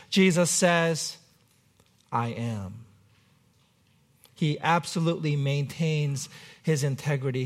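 A man preaching a sermon as pastor, conversational with light humor. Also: high-pitched.

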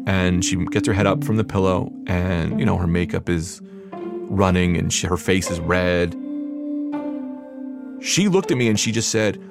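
A young man recounts a personal story in a relaxed, conversational way, with a voice that sits a little low. He speeds up and gets animated when he replays his own words. Music plays clearly behind him throughout. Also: moderate pace. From New Jersey. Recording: music underneath.

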